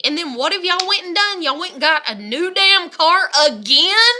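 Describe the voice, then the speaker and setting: A woman vents in a personal vlog, her voice high and very bright. She swears freely and fires off one angry rhetorical question after another. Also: lively intonation, normal speed, few pauses, slight background noise. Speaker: vlogger.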